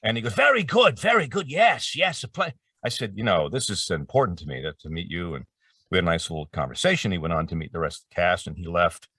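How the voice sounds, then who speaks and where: Man, very low voice, middle-aged, rambling storyteller, dry room, slightly off-mic. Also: quick pace, fairly bright tone, no room sound, far from the mic. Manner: rambling, self-interrupting, acts out quotes. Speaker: voice actor guest. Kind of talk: casual interview storytelling.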